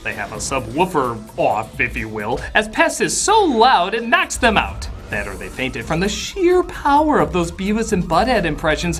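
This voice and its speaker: A man hosting a comedic film review, delivering scripted, sarcastic, exasperated narration that bursts into shouting. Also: on the high side, wildly swooping pitch, normal speed, few pauses, soft background music.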